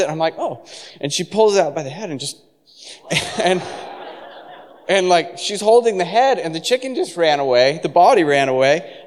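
A man preaching a sermon, telling a personal story with laughs and acted-out quotes. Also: sits high. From San Francisco. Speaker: pastor. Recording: long reverb of a large hall.

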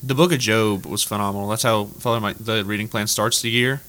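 A man's voice: lowish voice, a little fast. A young man, a college athlete guest, answering questions casually and often saying "like". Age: young adult. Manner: relaxed, heavy use of "like". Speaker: college basketball player and guest.

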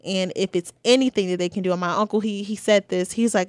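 A woman's voice: medium pitch, steady tone, fast, hardly any pauses, dry recording. A young woman, hosting a podcast and talking through personal stories in a casual, heartfelt way. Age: 20s. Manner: chatty, heartfelt, with many fillers. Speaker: podcast host.

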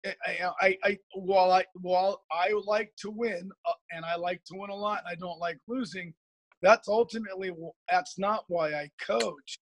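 A middle-aged man from Oregon, a high school football coach, telling stories as a guest in a rambling, earnest way with many repeated words. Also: steady tone, normal speed. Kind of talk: guest storytelling on a podcast.

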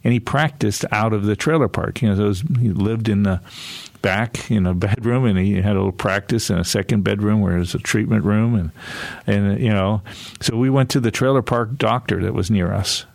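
An older man in his sixties speaks in a low, gravelly voice, recorded close and dry with no room sound. As an author, he tells stories in a loose, conversational way, chuckling often and restarting his sentences as he goes. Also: brisk, a little mellow, dry recording. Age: 60s. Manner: rambling, chuckling, many restarts. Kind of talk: casual conversational storytelling.

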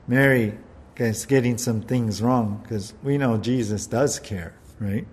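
A man's voice: medium pitch, slow, breathy edge. A man preaching a sermon in an earnest way, often repeating words and putting questions to his listeners. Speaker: pastor.

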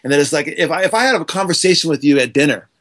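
A man's voice: fairly high pitch, animated, rapid-fire, a bit bright. Passionate, emphatic man. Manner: passionate, emphatic, gesturing while talking. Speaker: guest, author and speaker on teaching. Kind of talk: animated podcast conversation.

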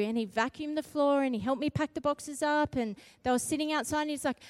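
A middle-aged woman preaching, telling a story in an animated, emphatic way and repeating key phrases for weight. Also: high voice, brisk, few pauses, dry recording. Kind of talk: storytelling sermon.

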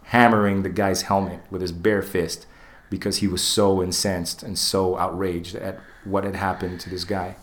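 A man with a deep, low voice tells a tale on a casual podcast, swearing freely and slipping into the voices of the people in it. He keeps the talk loose and animated. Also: moderate pace, hardly any pauses, slight background noise. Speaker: podcast co-host. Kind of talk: casual storytelling chat.

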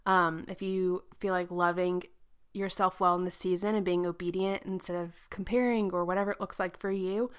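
A woman's voice: fairly low pitch, steady tone, normal speed, clean tone. A young woman hosting a podcast in casual chat, chatty and laughing often, slipping into playful sound effects. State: pregnant. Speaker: podcast host.

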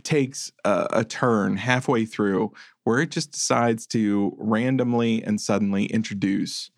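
A man's voice: fairly low pitch, measured pace, creaky, no room sound. A man co-hosting a casual movie review podcast, dry, incredulous and sarcastic. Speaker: podcast co-host.

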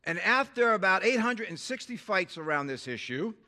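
A male pastor preaching a sermon, swinging from hushed tones to loud bursts and calling out for amens. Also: high-pitched, sing-song, normal speed. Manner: calls for amens from the crowd.

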